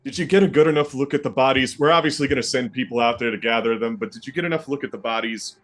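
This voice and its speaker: A man's voice: medium pitch, racing, fairly bright tone. A man narrating a tabletop horror game as game master, in a loose, rambling way full of ums and restarts.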